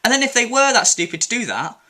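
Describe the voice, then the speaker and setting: A man's voice: very high-pitched, big pitch swings, fast, pushed and bright. A young man ranting angrily in an opinion vlog, indignant, sweary and sarcastic. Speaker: commentary vlogger. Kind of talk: angry opinion rant.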